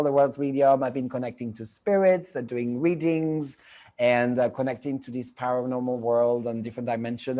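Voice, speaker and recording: Warm and medium in pitch, this middle-aged man speaks with a French accent while hosting a live medium show on a video call. He goes on in a chatty, rambling manner with repetition, heard through a computer mic.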